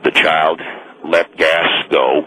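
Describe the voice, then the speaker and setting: A man's voice: extremely low pitch, steady tone, takes it slowly, pushed and bright, heavily acted, low-quality recording. A man playing an indignant, fired mall Santa on a radio call-in, stubborn and self-righteous, rambling with restarts. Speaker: caller.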